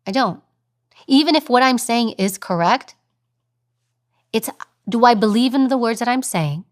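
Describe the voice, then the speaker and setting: A woman's voice: fairly high pitch, animated, a little slow. Emphatic woman demonstrating voices. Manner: emphatic, acts out voices as examples. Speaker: guest; TV news presenter, former agent. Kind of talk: interview advice talk.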